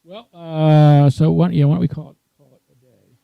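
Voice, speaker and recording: A man's voice: on the high side, little pitch movement, a little fast, gravelly, smooth, highs cut off. A man co-hosting a podcast in casual chat, making dry wisecracks. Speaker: podcast co-host.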